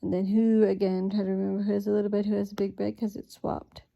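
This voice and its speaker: A sleepy woman reading a picture book aloud and explaining how to use it to prompt children, thinking aloud with fillers in a relaxed way. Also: medium pitch, fast talker, gravelly. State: sleepy, yawning.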